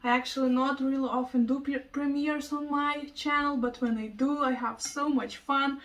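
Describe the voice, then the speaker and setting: A woman chatting excitedly in a casual home plant vlog, gushing over her plants and thanking viewers. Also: high-pitched, moderate pace, far from the mic, low-quality recording. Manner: gushing, excitable, breaks into laughs. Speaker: plant vlogger. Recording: voice a bit off-mic.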